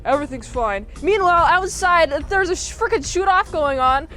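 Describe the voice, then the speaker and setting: A woman's voice: extremely high pitch, moderate pace, sharp tone, faint music behind. A young woman casually recapping a movie, rambling with lots of fillers and popping into goofy impressions of the characters. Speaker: movie reviewer.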